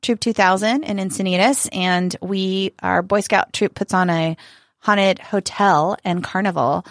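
A woman's voice: medium pitch, measured pace, no echo, studio quality. A middle-aged woman co-hosting a casual chat show, enthusiastic and prone to repeating herself. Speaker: podcast co-host.

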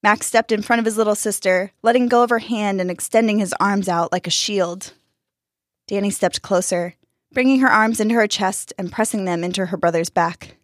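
A woman narrating a spooky children's story in a measured, expressive way. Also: mid-range voice, no room sound, clean studio sound.

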